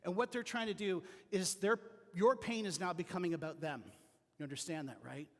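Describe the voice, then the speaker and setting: A man preaching a sermon as pastor, telling personal stories in an earnest way that drops to a quiet voice. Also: high-pitched, fairly quick, long reverb tail. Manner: earnest storytelling with quiet dips. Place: church sanctuary.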